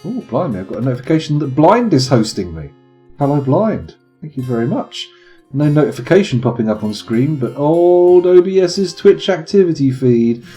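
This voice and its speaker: Guy commentating his game live, super lively up and down voice, chats and swears, soft guitar music behind. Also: fairly high pitch, normal speed. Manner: chatty, swears casually, thanks viewers. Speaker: streamer.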